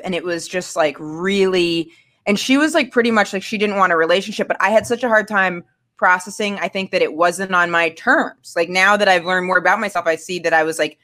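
A young adult woman casually telling a candid personal story, acting out the voices of the people in it. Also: on the low side. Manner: candid, animated, acts out quoted voices. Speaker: storyteller guest.

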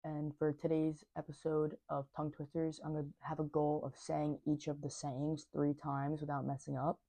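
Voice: mid-range voice, monotone, normal speed, mellow, dry recording. A vlog host chatting casually and doing tongue twisters, speech slightly slurred by a dental retainer, stumbling and laughing at the slips.

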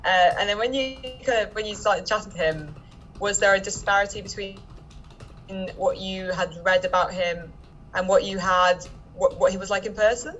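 A woman's voice: medium pitch, fairly even intonation, normal speed, soft background music. A woman hosting a podcast, interviewing a guest over a video call in a casual, chatty way with fillers. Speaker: podcast host. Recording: dull, lo-fi call audio with faint noise.

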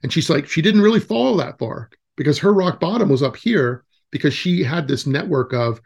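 A man's voice: a little high, lively intonation, normal speed, vocal fry, darkish tone, husky. A man in his forties, a nature camp director, telling stories as a guest in a casual interview, with lots of fillers and restarts. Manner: rambling storytelling with many fillers and restarts.

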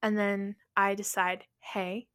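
A young woman co-hosts a casual podcast and tells a story about her own mishap. Her voice is bright and clear. She acts out her panicked lines as she goes. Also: medium pitch, flat delivery, slow. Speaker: podcast co-host.

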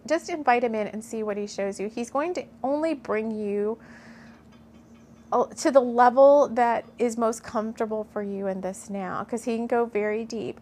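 Woman, somewhat high-pitched, middle-aged, mystical story reader, earnest, gushing, emotional asides. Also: a little mellow, a little hiss or hum. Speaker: spiritual storyteller. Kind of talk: reading a channeled story aloud, with asides.

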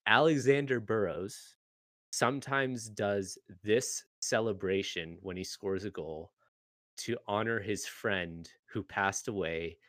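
Low-voiced casual male podcast host. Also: takes it slowly, a bit bright, no echo. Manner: casual, swears, laughs easily. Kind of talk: casual chat on a call.

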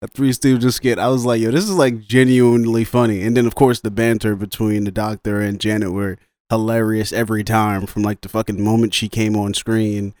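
A man's voice: lowish voice, flat delivery, moderate pace, darkish tone, dry recording. Laughing slangy man podcast co-host. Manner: laughs a lot, loose slangy talk. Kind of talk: casual chat.

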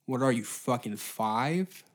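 A man's voice: medium pitch, animated, slow pace. Twenties male podcast host with a profane, sarcastic rant. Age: 20s. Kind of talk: solo comedy podcast rant.

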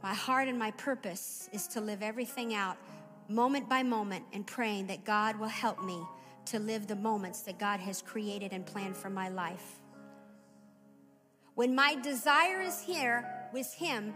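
A woman preaching a sermon in a church, building from quiet reflection to fervent exhortation. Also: fairly high pitch, a little slow, in a large hall, over music. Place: church hall.

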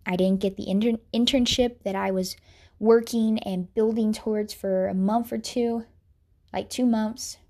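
A young woman earnestly telling a personal faith story, sorrowful and reflective, sometimes dropping to a soft whisper. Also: medium pitch, fairly even intonation, unhurried. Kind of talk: personal testimony monologue.

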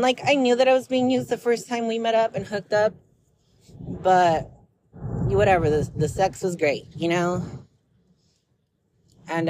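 Background noise fills this clip of a young woman vlogging in a low-pitched voice. She rambles candidly and bluntly, packing in filler words with an emotional, confessional tone.

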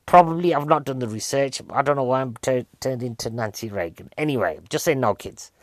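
A man's voice: mid-range voice, animated, a little fast, no room sound. A man giving a rambling, comic recap of a film, full of rhetorical questions. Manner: rambling, chatty, keeps asking "right?" and rhetorical questions. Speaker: film reviewer.

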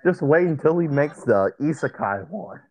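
A man's voice: a little high, animated, moderate pace, a little mellow, dry recording, low-quality recording. A man chatting casually with his mother and walking her through things step by step, often restarting his sentences. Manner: explains step by step, with frequent restarts. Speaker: son guiding his mother through documents. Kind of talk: casual chat.

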